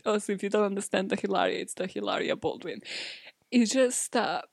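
A woman's voice: mid-range voice, big pitch swings, brisk, gravelly, dry recording, studio quality. A woman hosting a podcast, telling a true-crime story in a casual, profane, chatty way with sarcastic asides. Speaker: podcast host.

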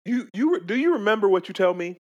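A young man co-hosting a casual chat, animated and profane, laughing often. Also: high-pitched, fast talker, muffled recording. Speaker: podcast co-host.

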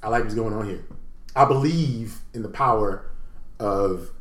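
Male podcast co-host, casual and animated, recorded in an echoey room. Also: on the low side, a little slow. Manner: animated storytelling, swearing freely. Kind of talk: casual chat.

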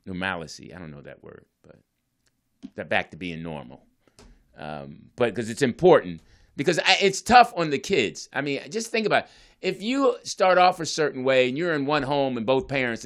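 A man's voice: mid-range voice, bright, forceful tone. A divorced father telling his family story in a casual, earnest, rambling way, often restarting his sentences.

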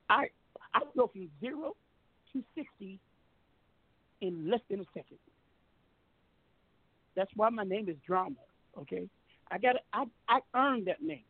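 A man's voice: sits high, vocal fry, slightly rough, no echo, phone-quality sound. A man telling a heated story on a talk show, boastful, profane and emphatic.

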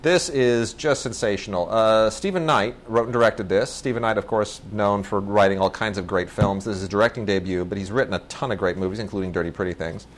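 A man's voice: lowish voice, fairly quick, few pauses, a little hiss or hum. A man co-hosting a casual movie review chat, enthusiastic and rambling, often restarting and correcting himself mid-sentence. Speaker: film review co-host.

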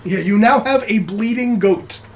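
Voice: mid-range voice, moderate pace, crowd noise. A game master narrating a tabletop game in a loose, casual way.

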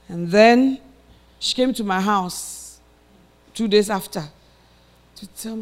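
A woman preacher telling a personal story in a sermon and acting out the voices of the people in it, then building to shouted exhortation. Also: medium pitch, moderate pace.

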